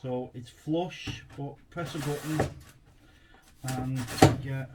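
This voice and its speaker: A man's voice: mid-range voice, fairly even intonation, slow, heavy background noise. A man chatting casually in his home garage as he unboxes and reviews a tool, rambling and thinking aloud as he goes. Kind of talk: casual chat while unboxing.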